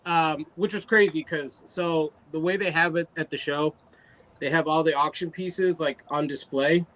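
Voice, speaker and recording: A man casually telling an animated story about his art, full of fillers and quoted asides. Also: on the high side, moderate pace, low-quality recording. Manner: animated, loose anecdote with fillers. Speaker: guest artist.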